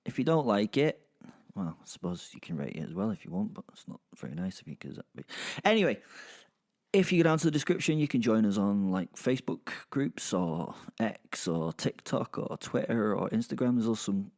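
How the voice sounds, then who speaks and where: A man's voice: lowish voice, big pitch swings, fairly quick, a little mellow. A man, hosting a podcast in a rambling, self-deprecating, casual way. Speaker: podcast host.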